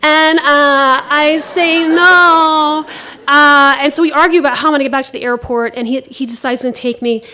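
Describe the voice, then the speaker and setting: Woman storyteller with a high voice, wry and self-deprecating, performing live on stage. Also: fairly even intonation, a little fast, hardly any pauses, bright, forceful tone. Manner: wry, laughing asides. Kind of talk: live first-person storytelling. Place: theater stage.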